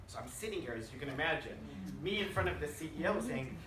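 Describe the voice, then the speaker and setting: Male seminar speaker, fairly high voice with a very lively pitch, animated and joking, heard from a distance in a roomy hall over ambient noise. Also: fast talker. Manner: animated and joking, acts out dialogue. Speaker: invited seminar speaker, communications consultant. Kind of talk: lunch seminar talk to an audience. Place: seminar room with audience.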